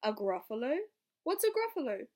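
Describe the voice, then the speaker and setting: A woman's voice: on the high side, lively intonation, moderate pace. A woman voicing a sly, hungry male fox as she reads aloud. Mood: curious.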